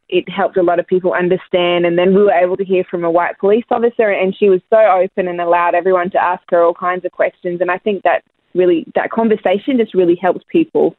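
An Australian woman talking as an interview guest in a frank, lively way with many fillers. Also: on the low side, no room sound. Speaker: guest, music artist. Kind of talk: casual interview chat. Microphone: phone line. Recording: tinny phone line.

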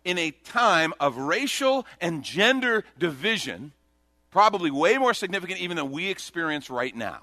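A man preaching a sermon as a pastor, telling a Bible story with animated delivery and voicing the characters in quotes. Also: high voice, moderate pace, dry recording.

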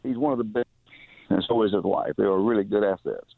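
A man's voice: lowish voice, fast, creaky, no room sound. A man calling in to a radio talk show, speaking with frequent hesitations and restarts. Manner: hesitant, many fillers and restarts. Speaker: caller. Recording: tinny phone line.

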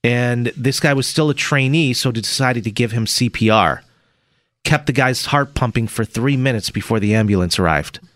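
A man hosting a morning radio show, telling stories and teasing his co-host in animated banter. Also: mid-range voice, normal speed, dry recording, clean studio sound.

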